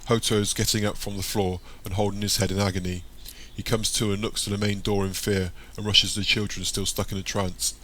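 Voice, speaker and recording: A man reading an audiobook in a steady, descriptive way. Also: fairly low pitch, a little fast, hardly any pauses, a little hiss or hum. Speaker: audiobook narrator. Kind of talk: audiobook narration.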